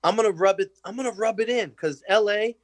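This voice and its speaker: Young male guest, lively storyteller on a remote call, dry and close sound. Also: high-pitched, quick pace, dry recording. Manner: animated storyteller, acts out quotes, laughs often. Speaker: podcast guest. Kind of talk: casual chat.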